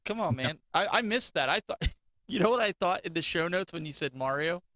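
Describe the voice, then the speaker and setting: A man's voice: high voice, animated, a little fast, pushed and bright, no echo. A male podcast co-host and father of two, chatting casually and laughing easily as he tells stories. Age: adult father of two.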